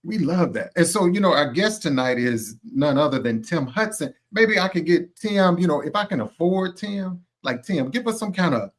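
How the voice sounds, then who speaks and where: A man's voice: on the high side, lively intonation, normal speed, hardly any pauses. A man hosting a radio talk show, chatting casually with loose "you know" fillers.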